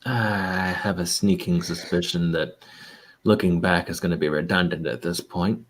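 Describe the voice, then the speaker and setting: A man's voice: low voice, fairly even intonation, normal speed. A man playing a tabletop game, answering in character with dry understatement. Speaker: player. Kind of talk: in-character role-play.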